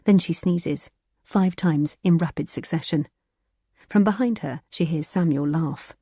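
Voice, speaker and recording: A woman narrating a thriller audiobook in a measured, even storytelling manner. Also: low-pitched, slightly rough, no room sound, clean studio sound.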